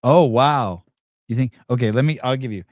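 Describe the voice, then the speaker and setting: A man's voice: medium pitch, moderate pace, no room sound, clean studio sound. A man hosting a podcast, teasing and quizzing a guest in casual, profane banter. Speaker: podcast host. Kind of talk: casual live-show banter.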